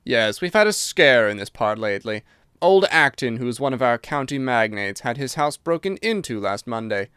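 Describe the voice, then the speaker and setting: A man voicing a hearty old military colonel who talks in a brisk, forthright way. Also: mid-range voice, big pitch swings, bright, forceful tone, smooth, dry recording, studio quality.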